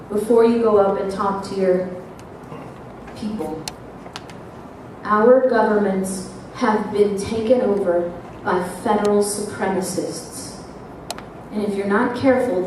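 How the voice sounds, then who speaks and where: A woman telling a story at a live lecture, animated and confrontational. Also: medium pitch, slight background noise. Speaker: constitutional speaker. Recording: echoey hall from far off.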